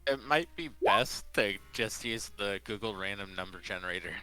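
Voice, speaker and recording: A man's voice: on the low side, moderate pace, music in the background. A man playing a tabletop game, speaking hesitantly with many fillers. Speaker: player. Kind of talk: casual tabletop play.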